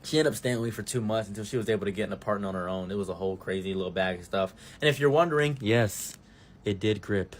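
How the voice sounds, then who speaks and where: A young man streamer telling a personal story in animated casual commentary, jumping between loud bursts and low asides. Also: fast, slight background noise.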